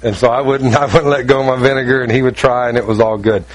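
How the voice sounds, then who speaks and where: A middle-aged man preaching a sermon, high-strung and animated, telling stories with quick asides. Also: rough recording. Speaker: pastor.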